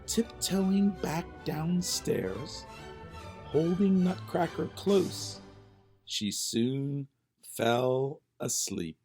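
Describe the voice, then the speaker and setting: Man reading a bedtime story, slow and lively, soft music under it. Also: fairly high pitch. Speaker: narrator. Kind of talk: storybook narration. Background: faint music.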